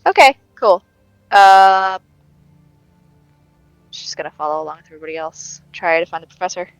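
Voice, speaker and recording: A woman's voice: fairly low pitch, expressive, moderate pace, smooth, dry recording, faint music behind, rough recording. A woman playing a tabletop game online, talking in a casual, offhand way. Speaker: player. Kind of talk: casual chat.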